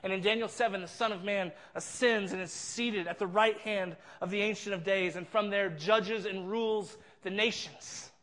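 A man's voice: high voice, fairly even intonation, normal speed, few pauses, fairly bright tone. A man preaching a sermon, retelling a scene with earnest, vivid storytelling and frequent repeats. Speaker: pastor.

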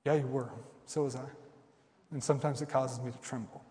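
A man preaching a sermon with passion, jumping from loud outbursts to hushed, quiet asides. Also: medium pitch, steady tone, fairly quick. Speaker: pastor. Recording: long hall reverb.

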